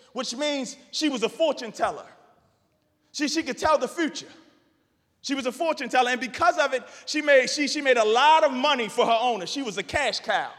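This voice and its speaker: A pastor in his thirties preaching a sermon, animated, rising to shouts and repeating phrases. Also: very high-pitched, big-room sound.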